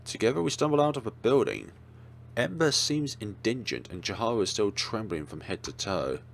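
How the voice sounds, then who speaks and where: A man's voice: fairly low pitch, expressive, moderate pace, vocal fry, slight background noise. A man hosting a let's play, reading a horror visual novel aloud with dramatic storytelling and wry asides.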